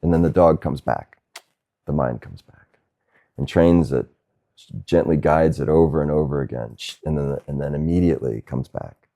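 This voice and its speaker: Male spiritual teacher, satsang talk: very low, gravelly voice, unhurried gentle delivery with soft laughs. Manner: slow, gentle, with soft laughs and questioning "huh?". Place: Asheville, North Carolina.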